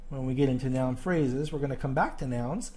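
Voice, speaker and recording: A male teacher giving a recorded grammar lesson, speaking haltingly with many fillers and restarts. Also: mid-range voice, mellow.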